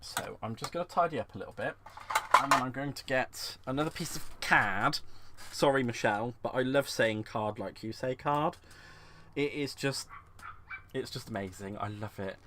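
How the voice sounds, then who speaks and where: A man hosting a live crafting stream at home, chatting to viewers. He is bubbly and excitable, giggles often and uses fond terms like "sweetheart" as he works at a desk mic. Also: medium pitch, moderate pace, background noise. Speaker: crafting livestream host. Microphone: desk microphone.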